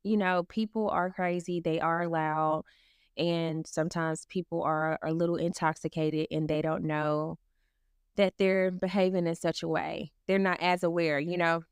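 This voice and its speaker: A woman's voice: fairly low pitch, little pitch movement, a little slow, clean tone, no echo, studio quality. A woman co-hosting a podcast, chatting in an easygoing, supportive way. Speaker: podcast co-host. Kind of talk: casual podcast chat.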